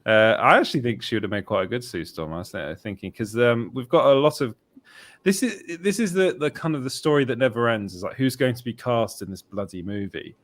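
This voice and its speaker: A young man with an English accent hosts a relaxed chat, talking in loose bursts and laughing a lot. His voice sits in a middle register. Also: mid-range voice, fairly quick. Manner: chatty, laughs often, trailing off. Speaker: host. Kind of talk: casual podcast chat.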